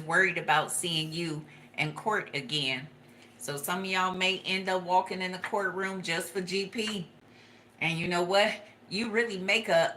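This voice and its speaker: Foul-mouthed lady doing a tarot reading, bright sharp voice, kinda low, laughs a lot. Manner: profane, animated, laughs often. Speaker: tarot reader.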